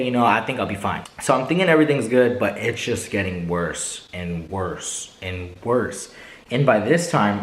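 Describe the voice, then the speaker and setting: A young man vlogging a casual storytime, animated and slangy, addressing viewers directly. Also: medium pitch, echoey room, poor audio. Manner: animated, slangy, keeps saying bro and right.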